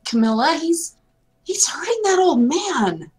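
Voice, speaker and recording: A woman's voice: sits high, very animated, unhurried, a little mellow. A woman playing a tabletop game, talking in an earnest, concerned way. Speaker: player. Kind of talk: casual tabletop game play.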